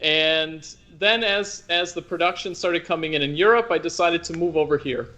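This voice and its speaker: A man in his thirties, an opera singer being interviewed, speaks in a bright, forward voice. He pitches a little above most men and talks thoughtfully, circling back with restarts and "you know" as he gathers his thoughts. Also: normal speed. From United States. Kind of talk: conversational interview.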